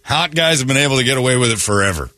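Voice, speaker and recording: A man's voice: mid-range voice, animated, very fast, bright, forceful tone, no echo. A man hosting a morning radio show, brash and mocking, full of crude comic banter. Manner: brash, mocking, slips into silly put-on voices. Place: radio studio.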